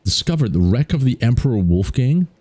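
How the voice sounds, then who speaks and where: A man's voice: mid-range voice, big pitch swings, brisk, dark tone, breathy edge, no room sound. A man hosting a let's play, chatting playfully and reacting aloud to the game. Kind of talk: casual gameplay commentary.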